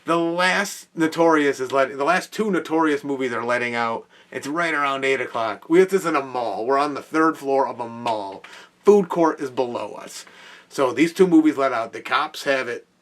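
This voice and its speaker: A young man, host of a podcast, telling an animated work story in a casual way with exclamations and laughs. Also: mid-range voice, normal speed, distant mic.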